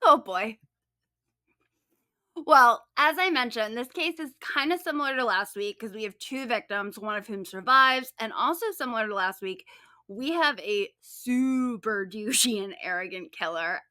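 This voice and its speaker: A woman co-hosts a true-crime podcast, walking through a case in a chatty, upbeat way and swearing casually. Her voice sits a little high and sounds bright and forceful. It is recorded close and dry, with no room sound. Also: moderate pace, no room sound. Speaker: podcast co-host and case writer.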